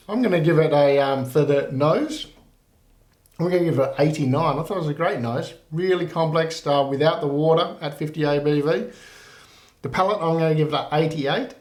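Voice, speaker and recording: A man giving a casual whisky tasting review in a relaxed, rambling way with many fillers. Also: a little high, moderate pace. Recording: roomy echo.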